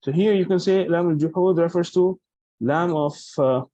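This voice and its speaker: A man teaching Arabic grammar in English. He recites Arabic verses quickly and explains them with many fillers and restarts. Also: on the high side, mellow, dry recording, highs cut off. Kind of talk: recorded lesson explaining grammar.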